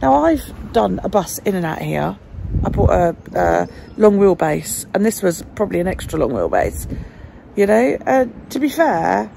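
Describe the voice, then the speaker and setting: Gravelly woman venting, swearing freely. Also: medium pitch, mellow, slight background noise. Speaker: vlogger. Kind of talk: casual vlog monologue.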